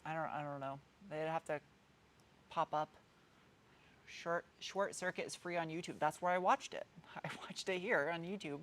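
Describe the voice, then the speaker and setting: A woman in her thirties with a New England accent, talking in a slightly low voice. She hosts a casual live stream and answers viewer comments in a loose, meandering way, circling back and restarting her sentences. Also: moderate pace, pauses often, fairly bright tone, a little hiss or hum. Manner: chatty, rambling, meandering with frequent restarts. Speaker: car channel host.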